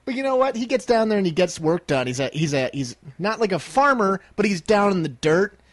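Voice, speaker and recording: High, lively young man joking around. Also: a little fast. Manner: joking, playful, throat-clearing. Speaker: podcast co-host. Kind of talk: casual podcast banter.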